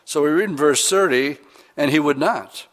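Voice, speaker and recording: A man's voice: fairly high pitch, moderate pace. A man preaching a sermon in a conversational, earnest way, with emphatic rises. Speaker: pastor.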